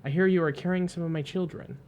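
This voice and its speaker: Man reading as the gentle Chum Queen. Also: high voice, steady tone, quick pace, slight background noise, close to an everyday voice. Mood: gracious. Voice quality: gentle, soft-spoken. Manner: gracious, cooing, slightly formal. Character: gentle, motherly queen of a desert creature swarm, female.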